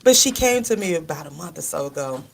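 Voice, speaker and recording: A woman's voice: low-pitched, quick pace, gravelly. Middle-aged lady co-host on talk radio, laughs a lot, tells stories doing everyone's voices. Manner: animated storyteller, laughs often, quotes others in voices. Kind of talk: casual chat.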